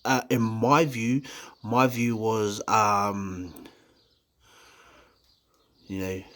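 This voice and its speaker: Low-ish in pitch, level in tone and a bit bright, this New Zealand vlogger speaks with a New Zealand accent. He gives a candid testimony of his recovery, halting, full of fillers and restarts, with casual swearing.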